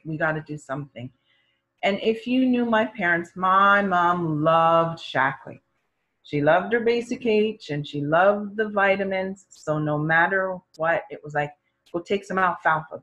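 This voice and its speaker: A woman's voice: low-pitched, lo-fi sound. A middle-aged woman telling her own health story in a conversational way, acting out the voices of the people in it. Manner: animated, acts out quoted voices of doctors and parents. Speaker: storyteller sharing her experience.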